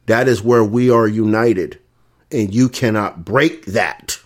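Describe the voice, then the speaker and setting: A man's voice: on the low side, slow pace. A man with a Southern US accent delivering a combative, profane, repetitive rant. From American South. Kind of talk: ranting monologue.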